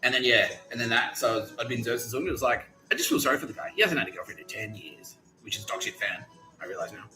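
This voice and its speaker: A man's voice: mid-range voice, animated, quick pace, pushed and bright. A man telling a rambling comic story as a podcast host, swearing freely and breaking into laughter. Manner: profane, laughing, rambling delivery. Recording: echoey room with music playing.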